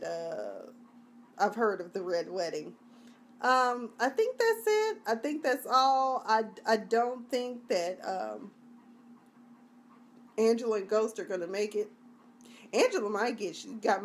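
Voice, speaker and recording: A woman hosts a casual live review, chatting in a loose, rambling way full of slang. Her voice sits a little high. A faint hiss of noise hangs under the recording. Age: adult (junior high long ago). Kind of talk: casual live-stream chat.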